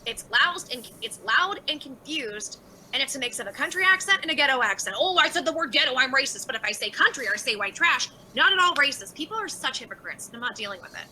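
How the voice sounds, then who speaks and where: A woman chatting on a livestream, answering comments in a blunt, profane, exasperated way. Her voice is sharp and tense, with a very animated rise and fall. She sits high in her range. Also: quick pace, slight background noise, rough recording. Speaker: livestreamer reading chat. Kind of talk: casual livestream chat.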